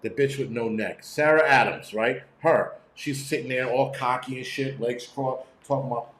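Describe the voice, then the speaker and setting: A man's voice: medium pitch, moderate pace, few pauses, fairly bright tone, echoey room, slight background noise. A middle-aged man hosting a prepping channel, talking in a profane, blunt, rambling livestream rant from home. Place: room at home.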